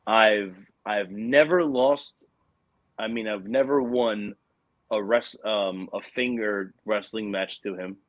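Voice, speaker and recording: A man's voice: lowish voice, slow, dry recording, low-quality recording. A young adult man telling a personal story in casual conversation, earnest and rambling with many restarts.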